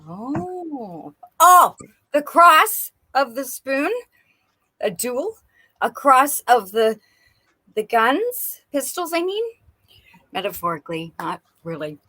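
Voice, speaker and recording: A woman giving a playful live tarot reading, animated and quick to laugh. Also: high voice. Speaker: tarot and oracle card reader. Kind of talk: live-stream card reading.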